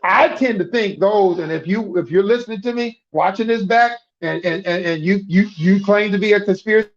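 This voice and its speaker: High-voiced preacher man, lo-fi. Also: fairly quick. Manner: emphatic, repeats himself and restarts words. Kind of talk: conversational sermon.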